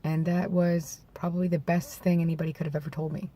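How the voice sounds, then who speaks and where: A vlogger talks frankly and personally to camera outdoors in bright daylight, his fairly high, mellow voice showing little pitch movement. Vocal nodes have worn it gravelly, and throat clearing adds a slight hoarseness. He halts and reflects, with frequent restarts and self-corrections.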